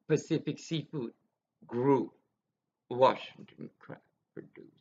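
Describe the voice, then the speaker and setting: A woman delivers an unhurried, rambling rant full of bitter accusations. Her voice is rough and gravelly. The dull, lo-fi recording flattens the sound. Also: rumbling low. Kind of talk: angry ranting monologue.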